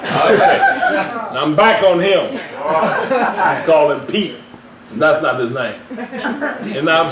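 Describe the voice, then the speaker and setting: A man preaching a sermon in church, telling a story in an animated way and laughing as he goes. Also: fairly high pitch. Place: church hall with congregation. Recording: echoey live church stream from far off. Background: congregation responding.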